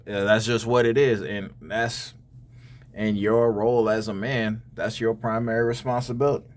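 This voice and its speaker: A man's voice: on the low side, little pitch movement, moderate pace. A man hosting a reaction channel, talking straight to other men about dating and money in a casual, preachy way, often repeating words. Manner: preachy, addresses "fellas" directly, repeats words. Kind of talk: casual commentary on clips.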